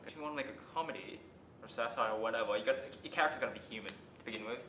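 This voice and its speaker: A man reviewing a film in casual chat, blunt, profane and excitable. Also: rapid-fire. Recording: roomy room with faint rumble.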